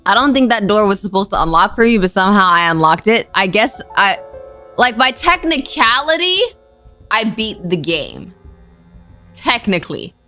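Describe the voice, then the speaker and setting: A young woman giving casual, excitable commentary as she plays a game, full of exclamations and slang. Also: medium pitch, fairly quick, soft background music. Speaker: gaming YouTuber. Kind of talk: casual let's-play commentary.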